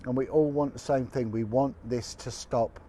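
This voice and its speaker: A man's voice: medium pitch, steady tone, normal speed, mellow, slight background noise. Blunt, indignant man. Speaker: former detective turned video blogger. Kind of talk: impassioned direct-to-camera update.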